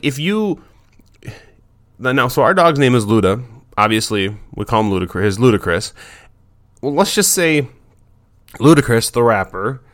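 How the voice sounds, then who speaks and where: A man's voice: medium pitch, fairly bright tone. A young man who trains dogs, giving casual tips and talking in a rambling way with many restarts. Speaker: dog trainer. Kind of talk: casual instructional talk.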